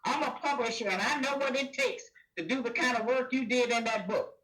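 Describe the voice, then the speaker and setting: A woman's voice: fairly high pitch, fairly quick, a bit bright, recorded from a distance, low-quality recording. An older woman guest in casual chat, blunt and teasing with a folksy way of talking.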